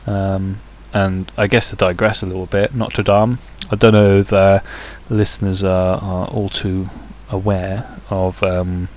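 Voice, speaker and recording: Casual male podcaster, somewhat low voice, meandering delivery full of ums and crude humour. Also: flat delivery, unhurried, few pauses, darkish tone. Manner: rambling, hesitant with many fillers, crude jokey asides. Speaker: podcast host. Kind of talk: casual solo podcast chat.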